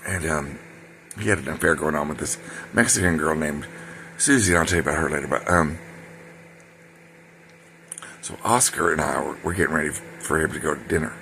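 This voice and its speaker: Gravelly, bright-voiced older man telling stories. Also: rumbling low, brisk, pauses often, a little hiss or hum. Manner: digressive, full of ums and self-corrections. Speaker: storyteller. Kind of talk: rambling personal storytelling.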